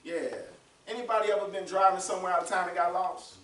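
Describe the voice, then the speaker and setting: In a church sanctuary, a pastor preaches a sermon, building up his points and asking the congregation call-and-response questions. His voice sits high, rapid-fire, a bit bright, with fairly even intonation, and the distant mic picks up roomy echo.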